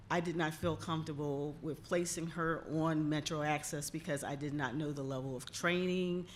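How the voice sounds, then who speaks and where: Woman caregiver at a press podium, measured storytelling, faint rumble in the room. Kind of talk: personal testimony at a press conference.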